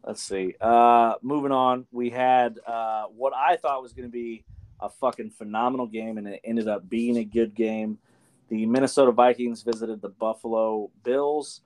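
A man's voice: medium pitch, steady tone, moderate pace, a little mellow, no room sound. Swearing, name-fumbling American guy. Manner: casual, swears often, stumbles over names. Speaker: sports podcast co-host. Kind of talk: casual sports chat.

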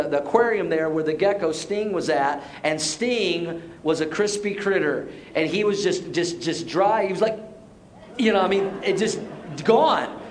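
A middle-aged man preaching a sermon, telling stories with restarts and dropping soft and low for serious points. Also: a little hiss or hum. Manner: storytelling, repeats words as he restarts. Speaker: pastor.

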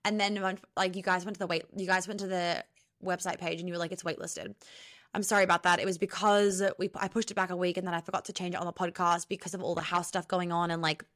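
A woman's voice: fairly low pitch, level tone, fast talker, fairly bright tone. A young woman hosting a podcast as a relationship coach, talking in a chatty, rambling way with lots of fillers and swearing. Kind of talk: casual podcast monologue.

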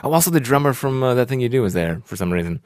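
A man's voice: mid-range voice, expressive, rapid-fire, darkish tone, no room sound, studio quality. A man co-hosting a podcast, chatting casually and joking, rambling through a story. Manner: joking, rambling, does silly voices. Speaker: podcast co-host. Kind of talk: casual comedic chat.

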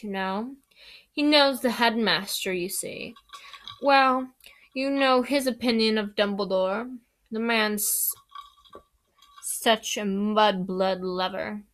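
Slow-drawling snob of a teenage boy, played by a woman. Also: mid-range voice, fairly bright tone. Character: sneering snobbish teenage boy.

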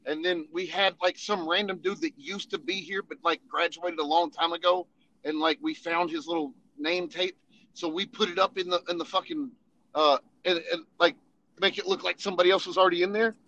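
A man's voice: high-pitched, fairly even intonation, fairly quick, pushed and bright, dull audio. A man telling funny army stories in casual, profane storytelling, laughing and acting out voices as he goes. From Tennessee.

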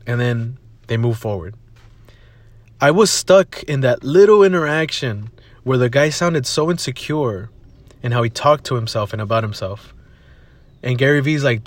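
A man's voice: medium pitch, lively intonation, moderate pace. A young man hosting a casual solo podcast, rambling and swearing freely as he tells a story, recorded in a parked car. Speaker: podcast host.

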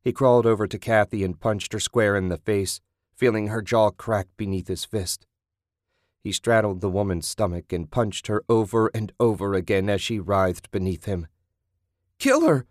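A man with a low voice reads a gory horror story in a steady, measured way. The recording is dry and close, with no room sound. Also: no echo. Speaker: narrator. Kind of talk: scripted horror audiobook narration.

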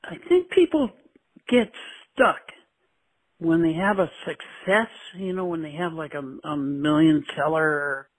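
An older male musician answers interview questions, often restarting his sentences before he finds the thought. His voice sits a little high, and the sound is dry with no room. He talks openly about his own work. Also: unhurried, slightly rough, no room sound, poor audio. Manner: hesitant, trails off in repeated starts. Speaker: musician guest. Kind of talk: interview clip.

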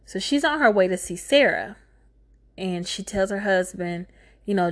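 A woman recapping a movie in a casual, comedic way, talking fast, swearing freely, and making sarcastic asides. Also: medium pitch, expressive. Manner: profane, sarcastic, talks fast.

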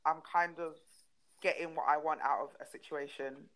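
A young woman, a podcast co-host telling stories in frank, animated casual chat and swearing freely. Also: low voice, normal speed, low-quality recording.

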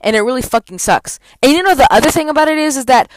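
A woman's voice: high voice, lively intonation, fast, slight background noise. A young adult woman, a college student, venting in a heavily profane, heated vlog rant.

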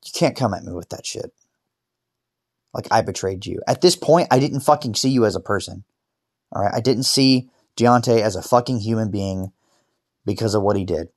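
Low-pitched man, confessional podcast storyteller, halting speech that breaks into swearing bursts. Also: no echo, studio quality. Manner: swearing, halting restarts, rising to angry outbursts. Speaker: podcaster telling a personal story. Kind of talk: emotional personal storytelling. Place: lying in bed.

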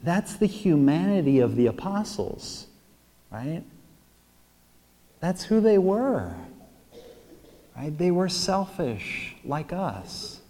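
A man's voice: on the high side, big pitch swings, slow, pauses often, mellow. A man preaching a sermon at mass in a conversational style, often checking in with his listeners by asking "right?". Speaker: priest. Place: church. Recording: long church reverb.

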